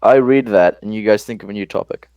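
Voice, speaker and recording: A man's voice: fairly low pitch, fast talker, clean tone, no echo, dull audio. A man on a casual podcast call, chatting loosely with fillers and reading a long passage aloud in a dramatic way. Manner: loose, filler-heavy talk with laughs. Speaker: podcast panelist.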